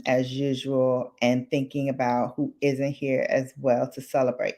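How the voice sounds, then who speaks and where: A woman's voice: rumbling low, steady tone, unhurried, darkish tone. A middle-aged woman hosting a late-night livestream chat, speaking emotionally and close to tears, repeating phrases for emphasis. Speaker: livestream host.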